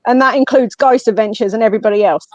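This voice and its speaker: A woman with an English accent, a guest on a podcast, telling a personal story in a casual, animated way and acting out what others said. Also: fairly high pitch, quick pace, dry recording. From England. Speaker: guest, medium and paranormal investigator. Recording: slightly muffled, dry lo-fi audio.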